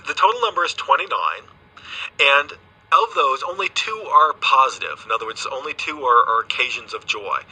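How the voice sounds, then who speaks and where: A man's voice: medium pitch, lively intonation, normal speed, sharp tone, breathy edge, rough recording. A man who is a guest expert on a radio interview, explaining patiently and often restarting his phrases, speaking from a remote studio. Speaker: guest scientist.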